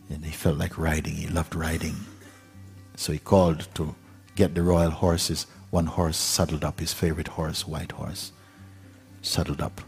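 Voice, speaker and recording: A man giving a spiritual talk, telling a parable in an unhurried, gentle way with pauses and fillers. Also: very deep voice, little pitch movement, creaky, soft background music. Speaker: spiritual teacher.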